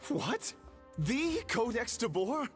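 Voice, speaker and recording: A game chef with a thick, obviously put-on French accent and a lively, bouncing pitch. Soft music runs behind him. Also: male voice, slow pace, breathy edge, full character voice. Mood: shocked. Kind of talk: video game voice acting.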